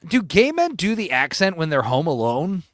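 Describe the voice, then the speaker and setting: A man's voice: on the high side, huge pitch swings, normal speed, dry recording, clean studio sound. A man hosting a livestream, telling crude, rambling stories in casual chat. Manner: crude, rambling, joking storyteller. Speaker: livestream host.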